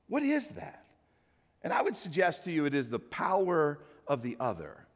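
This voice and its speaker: A man preaching a sermon as pastor, telling a story and building to loud, emphatic peaks. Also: fairly high pitch, big-room sound.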